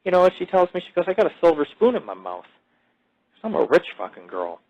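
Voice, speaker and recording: A man's voice: fairly high pitch, huge pitch swings, quick pace. A man hosting a podcast, telling crude stories in a boastful, profane, rambling way full of fillers. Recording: dull lo-fi audio.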